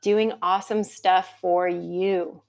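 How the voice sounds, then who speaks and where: Slow, chatty woman greeting her class. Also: fairly low pitch, flat delivery, gravelly. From United States. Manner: chatty, laughs often, greets viewers by name. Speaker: movement class instructor. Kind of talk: casual live-class chat.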